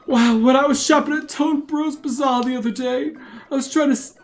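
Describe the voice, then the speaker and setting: A man's voice: extremely high pitch, fairly even intonation, fairly quick, voice pushed up. Brief: a man putting on a doddering old turtle grandpa, forgetful, chatty, chuckling as he rambles. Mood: rambling. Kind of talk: reading game dialogue in a put-on voice.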